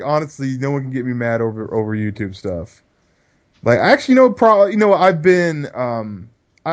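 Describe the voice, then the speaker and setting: A man co-hosting a casual podcast in a mid-pitched voice. He rambles through stories in a relaxed, easygoing way with plenty of swearing. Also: highs cut off. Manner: laid-back, rambling, laughs often. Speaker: podcast co-host. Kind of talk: casual profane chat.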